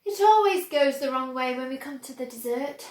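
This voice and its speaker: A woman's voice: high-pitched, lively intonation, moderate pace, roomy sound. A woman voicing a rueful sighing candymaker.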